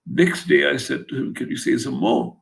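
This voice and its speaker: Older man with a gravelly, lively voice. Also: mid-range voice, normal speed, rough recording. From India. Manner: wry, blunt anecdotal storytelling with acted-out quotes. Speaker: author interviewed about his translations. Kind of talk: storytelling interview.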